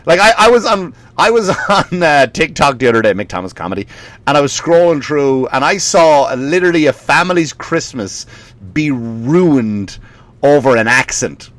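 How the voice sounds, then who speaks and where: A man's voice: fairly high pitch, expressive, normal speed, fairly bright tone, no room sound. An Irish man, a stand-up comedian, ranting in a rambling way, swearing often and laughing at his own stories. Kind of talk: comedic rant.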